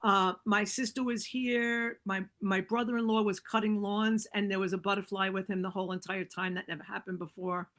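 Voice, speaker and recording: A middle-aged woman, a podcast guest, telling a personal story in casual conversation, animated and acting out the other people with many fillers and restarts. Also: medium pitch, brisk, few pauses.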